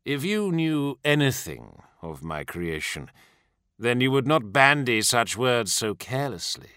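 A man voicing a possessed male demon prince who is silken and mocking, speaking slowly and theatrically. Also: medium pitch, very animated, sharp tone, clean tone, no room sound, clean studio sound.

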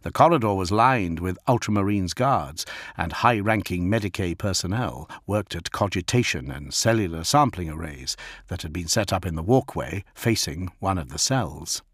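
A man reading an audiobook as narrator, steady and measured. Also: sits low, breathy edge, dry recording, clean studio sound.

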